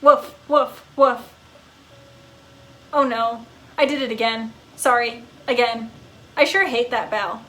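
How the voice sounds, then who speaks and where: A woman voicing an eager, friendly male ghost dog who talks in a loud, bouncy, jokey way. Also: on the high side, slow, long pauses, a little hiss or hum. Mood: excited.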